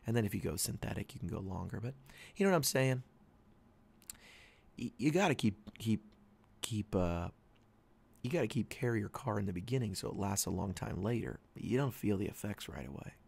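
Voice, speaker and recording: A man in his thirties hosting a podcast, telling a rambling story and quoting his wife in a higher, louder voice. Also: animated, fairly quick, creaky, pauses often, husky. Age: 30s. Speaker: podcast host. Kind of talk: casual monologue.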